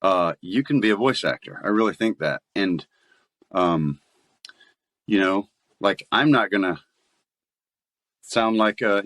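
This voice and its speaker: Male voice actor guest, low-ish, dry close sound, chatty and playful. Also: dry recording. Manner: chatty storyteller, laughs often, animated voice play. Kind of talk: casual podcast interview.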